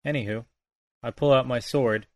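A young man playing a tabletop game, relaxed and matter-of-fact. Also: mid-range voice, normal speed, a crowd in the background. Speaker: player. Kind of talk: casual gaming banter.

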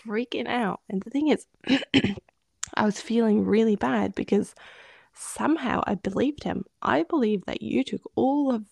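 A woman co-hosting a podcast, telling a personal story in a candid, rambling way and often dropping into a hushed voice. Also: on the high side, measured pace, gravelly, breathy edge, dry recording. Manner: candid, rambling, drops into hushed whispers when retelling. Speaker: podcast co-host. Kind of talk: casual storytelling chat.

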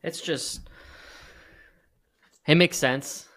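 A man's voice: on the high side, drawn-out words, a bit bright. A man co-hosting a podcast, working through his ideas hesitantly and restarting his sentences. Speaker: podcast co-host. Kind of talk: casual podcast talk.

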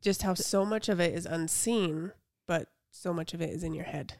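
A young mom on a podcast with a lowish voice, chatting casually and reading aloud with earnest feeling. The mic sound is dry and close. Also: female voice, normal speed, a little mellow, no echo. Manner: reads a passage aloud earnestly, then chats. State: slightly out of breath while reading. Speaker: podcast co-host. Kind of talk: casual chat.

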